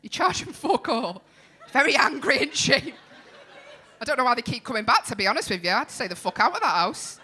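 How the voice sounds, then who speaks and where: A woman hosts a comedy club night on stage, bantering bluntly with the crowd through a handheld mic. Her voice is high and bright, and it bounces all over the place with a lively, animated lilt. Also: a little fast, breathy edge. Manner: teasing, banters bluntly with the audience. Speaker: compere. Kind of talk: crowd work and introducing acts.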